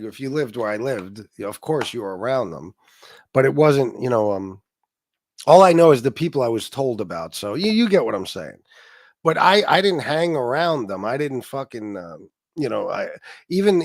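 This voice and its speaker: A man's voice: medium pitch, dry recording, clean studio sound. A man hosting a livestream, giving a rambling, profane commentary full of fillers. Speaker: livestream host. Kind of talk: ranting commentary.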